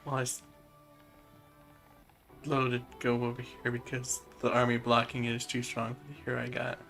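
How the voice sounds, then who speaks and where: A relaxed streamer talks through a game, explaining moves plainly and joking with a friend. The voice sits in a middle pitch, and faint game music runs behind. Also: moderate pace, gravelly. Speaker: streamer playing a strategy game. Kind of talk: casual chat.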